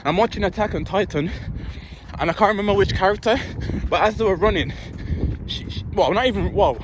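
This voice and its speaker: A man's voice: sits high, brisk. Blunt, swearing guy outdoors. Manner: chatty and blunt, swears freely. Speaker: fitness vlogger. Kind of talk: casual vlog chat. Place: outdoor urban park court. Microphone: handheld or propped-up camera. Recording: outdoor traffic noise behind. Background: city ambience with passing vehicles.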